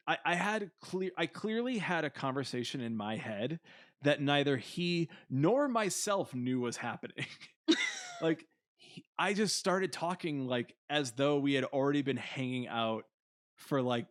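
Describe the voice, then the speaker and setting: Animated, self-mocking man co-hosting a podcast. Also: mid-range voice, a little slow, no room sound, clean studio sound. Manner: self-mocking, laughing, swearing storyteller. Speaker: podcast co-host. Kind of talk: casual podcast chat.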